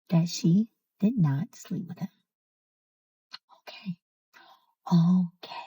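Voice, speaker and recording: Woman spilling a messy storytime, animated and emphatic, kinda high voice, dry close sound. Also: no echo, poor audio. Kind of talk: casual storytime monologue.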